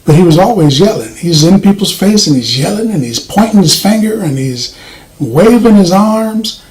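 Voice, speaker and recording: A soft-spoken man giving a casual movie review, rambling with frequent fillers and restarts. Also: sits high, animated, moderate pace, poor audio. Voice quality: voice does not carry, soft-spoken.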